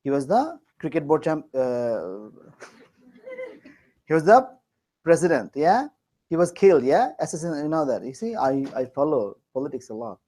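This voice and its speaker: A man's voice: fairly high pitch, wildly swooping pitch, measured pace, mellow, low-quality recording. A man from Bangladesh teaching a class, teasing and joking as he quizzes his students. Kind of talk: classroom lecture.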